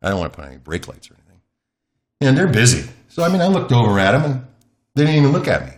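A man's voice: mid-range voice, huge pitch swings, fast. A man, a longtime news anchor, animatedly telling a chatty anecdote as an interview guest at home. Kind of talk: candid interview storytelling. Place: his home.

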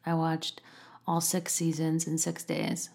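A woman's voice: sits low, monotone, takes it slowly, creaky, a little mellow. A woman telling a candid personal story, chatty and self-deprecating, often acting out both sides of a conversation.

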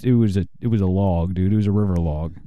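A man's voice: sits low, fast talker, dry recording, highs cut off. A man telling a long crude story in casual chat, rambling, swearing and laughing often as he goes.

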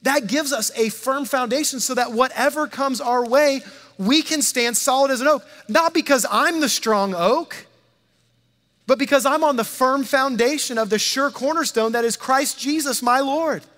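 A man's voice: very high-pitched, normal speed, a bit bright. A man preaching a sermon in a conversational way, repeating phrases and acting out quoted lines. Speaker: pastor. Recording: long hall reverb.

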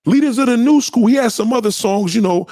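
A middle-aged man with a New York accent, trash-talking his chat in a loud, profane, boastful way while he plays records on a live stream. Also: very high-pitched, quick pace, dry recording, studio quality. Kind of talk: hyped trash talk over music.

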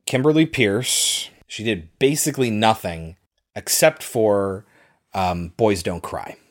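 A man's voice: lowish voice, takes it slowly. A man co-hosting a podcast, talking casually and enthusiastically about a film, swearing freely and acting out quotes. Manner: enthusiastic, profane, acts out quotes. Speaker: podcast co-host.

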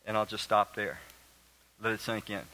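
A man's voice: fairly low pitch, normal speed, pushed and bright, rough recording. A man preaching a sermon, reading scripture aloud and earnestly quizzing his congregation. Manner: asks the congregation questions; emphatic and earnest.

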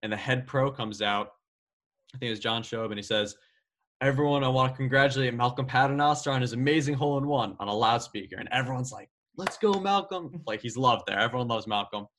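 A young adult man casually telling a story as a guest golfer, animated, laughing as he talks and saying "like" often. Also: medium pitch, fast. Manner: animated, laughs while telling, many fillers of "like".

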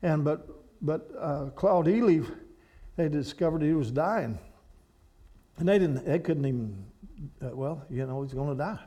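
A Kentucky man with an Appalachian accent is a guest speaker at a church, preaching a sermon in a folksy, storytelling way. His voice sits on the high side, with a dark tone and a measured pace.

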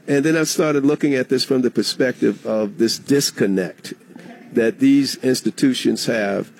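A man's voice: mid-range voice, measured pace, creaky, slight background noise. A middle-aged man, a former state legislator, telling a story as a guest in a radio interview. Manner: animated storyteller, acts out quoted dialogue.

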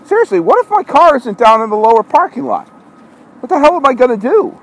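A man's voice: extremely high pitch, sing-song, a little fast, rough recording. A man hosting a walking monologue podcast from an outdoor parking lot at night, scolding himself in an exasperated ramble. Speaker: podcast host. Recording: outdoor street noise, truck backing up.

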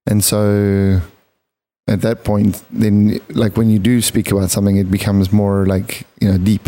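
Low, mellow-voiced man rambling casually. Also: level tone, unhurried. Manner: rambling, filler-heavy storytelling. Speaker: podcast co-host. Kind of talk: casual chat. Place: podcast studio set with lights.

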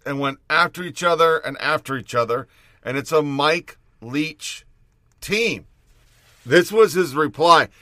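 Bright-voiced man hosting casually. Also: a little high, lively intonation, takes it slowly, no echo, clean studio sound. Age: 30s. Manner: blunt, frequent fillers. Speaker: show host. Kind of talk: casual commentary.

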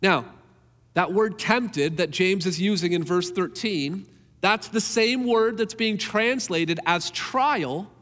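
A man's voice: high voice, slow, a bit bright, in a large hall. A man preaching a sermon in an earnest, emphatic way, repeating key phrases to drive them home.

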